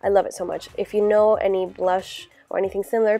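Young woman, stuffy congested voice, mellow tone, rambling casual tutorial chat, faint music behind. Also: mid-range voice, level tone, fast talker. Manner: chatty, rambling, lots of "like" and "you know". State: congested from a cold. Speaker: beauty vlogger. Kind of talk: casual makeup tutorial talk.

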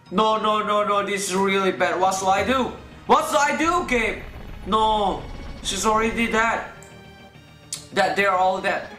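A man hosting a let's play, excitable and swearing constantly, with loud panicked outbursts. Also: high-pitched. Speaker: gaming channel host. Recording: roomy room sound with faint game music. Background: faint game music.

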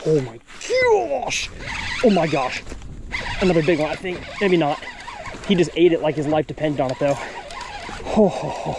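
A man, hosting a fishing vlog from a boat outdoors, excitedly exclaiming and talking to the fish as he catches them. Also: on the high side, fairly quick, background noise. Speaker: fishing channel host.

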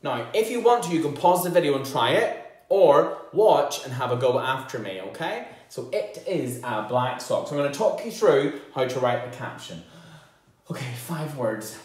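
Slow, lively phonics teacher, echoey room. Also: male voice, mid-range voice. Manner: slow, sounding out words and praising children. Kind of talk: home-learning phonics lesson.

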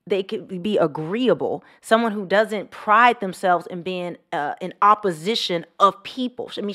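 A woman vlogger giving emphatic reaction commentary, slowing down and lowering her voice to drive points home. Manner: emphatic, drops to slow low tone for emphasis.

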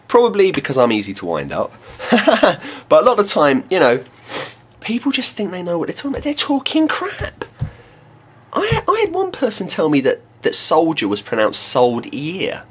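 Man mid-rant, exasperated and sarcastic, pitch swinging all over. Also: huge pitch swings, normal speed, breathy edge. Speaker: English teacher and vlogger. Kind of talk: monologue rant to camera.

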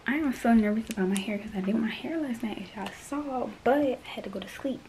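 A woman's voice: fairly high pitch, a little fast, darkish tone. A woman in her late teens talking casually to her phone camera in a vlog, chatty and often dropping to a whisper. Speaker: vlogger. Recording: noisy phone recording.

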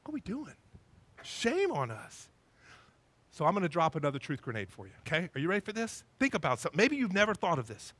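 A male pastor preaching a sermon in a church, animated and acting out little scenes in different voices. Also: sits high, fast talker, husky.

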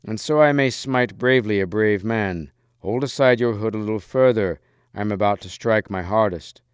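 A towering green-faced knight with a booming, commanding voice, as a man reading a storybook aloud puts him on. The tone sits low and resonant, clean and close with no room around it. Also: normal speed, clean tone, dry recording, close to an everyday voice. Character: huge fierce green-faced knight with a mighty voice.

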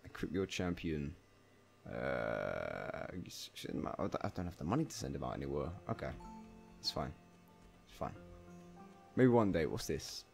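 A man doing casual let's play commentary, talking to himself and bursting into loud swearing exclamations. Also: a bass voice, very animated, moderate pace, gravelly, long pauses, soft background music. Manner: chatty self-talk, swearing, bursts of exclaiming. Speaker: gameplay commentator.

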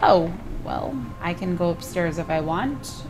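A woman's voice: on the low side, expressive, measured pace, a little mellow, a little hiss or hum. A woman hosting a gaming video, chatting casually to viewers as she plays and sometimes exclaiming in surprise. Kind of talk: casual let's play commentary.

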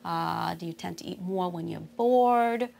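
A woman therapist asking questions calmly and patiently during an intake session. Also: fairly low pitch, unhurried, vocal fry.

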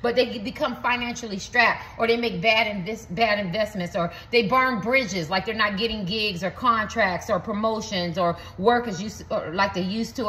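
A woman's voice: mid-range voice, fairly bright tone, slight background noise. A woman giving a rambling, blunt reading to her viewers in a casual, repetitive way, swearing now and then. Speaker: tarot reader. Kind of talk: casual spoken reading to camera.

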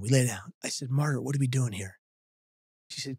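A man's voice: medium pitch, normal speed, breathy edge, dry recording, clean studio sound. A man, a podcast guest telling a funny story with acted-out quotes. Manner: animated storyteller, acting out quotes.

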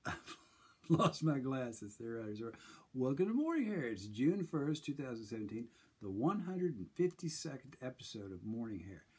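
A man's voice: medium pitch, very animated, normal speed, mellow, husky. A man in his sixties hosting a daily morning show, rambling and chuckling in a self-deprecating way. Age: 60s. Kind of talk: casual morning monologue.

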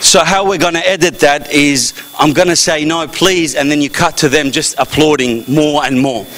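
A man's voice: on the high side, steady tone, normal speed, a bit bright, slight background noise. A man hosting a cultural festival as MC, joking in a playful, self-mocking way on stage before a live audience. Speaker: MC and comedian. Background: audience faintly heard.

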